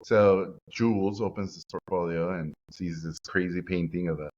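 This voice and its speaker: Lower-voiced man from Mexico, animated interview storyteller who acts out quotes, slightly muffled audio. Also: moderate pace, slight background noise. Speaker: guest, animator and director.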